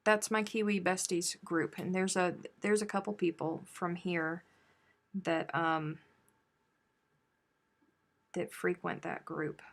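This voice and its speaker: A woman hosting a crochet live stream, chatting casually with viewers and reading out their comments, with sudden loud animated outbursts. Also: on the low side, slow, vocal fry, pauses often. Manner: chatty, reads and answers viewer chat; animated, bursts into loud exclamations.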